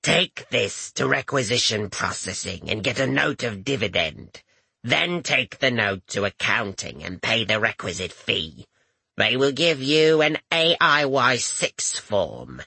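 A man putting on a rasping scornful old woman clerk. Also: medium pitch, sing-song, pushed and bright, no echo, heavily acted. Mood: curt, scornful. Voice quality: scratchy, rasping. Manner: slow, drawn-out, sneering.

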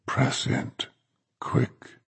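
A man's voice: a bass voice, big pitch swings, unhurried, creaky, husky, pitched below the performer's own voice, heavily acted. A man voicing a stern, impatient father who gives curt orders, in a storybook reading. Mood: commanding. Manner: curt, commanding.

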